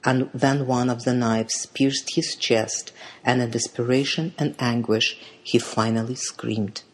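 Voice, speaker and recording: A husky, breathy storyteller reads a fairy tale aloud at a middling pitch. The delivery is measured and dramatic, in the steady manner of storybook narration.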